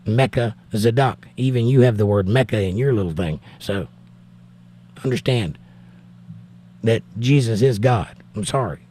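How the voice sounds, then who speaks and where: A man's voice: on the low side, measured pace, pauses often, mellow, a little hiss or hum. A man with a Southern Georgia accent hosting a livestream, reading viewers' chat aloud and bluntly arguing points of scripture.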